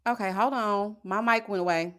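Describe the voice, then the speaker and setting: A woman with a Southern US accent hosting a casual live-stream review, reading viewer comments and answering with sassy, animated asides. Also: mid-range voice, moderate pace. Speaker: reality TV review host. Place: home setup with a desk mic.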